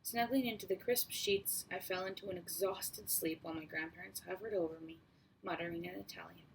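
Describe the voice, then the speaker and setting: A woman reads a first-person story in a steady, measured way. Her voice sits on the low side, and a faint hiss runs under the recording. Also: creaky, low-quality recording. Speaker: audiobook reader. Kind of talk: first-person audiobook narration.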